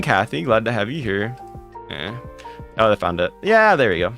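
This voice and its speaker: A man's voice: mid-range voice, very animated, normal speed, gravelly, a bit bright, faint music behind. A man streaming a game live, greeting chat viewers by name one after another and answering their questions with blunt, sarcastic asides.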